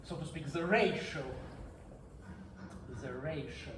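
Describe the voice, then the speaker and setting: High-voiced man lecturing in an echoey hall. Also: slow, a bit bright. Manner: repeats key phrases for emphasis. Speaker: conference speaker. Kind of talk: mathematics lecture. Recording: echoey hall, mic far off, faint hum.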